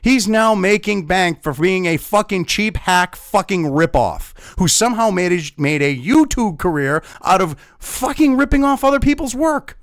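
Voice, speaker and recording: A man's voice: sits high, animated, moderate pace, hardly any pauses, no room sound, clean studio sound. A man ranting angrily in a profane commentary video, talking as host.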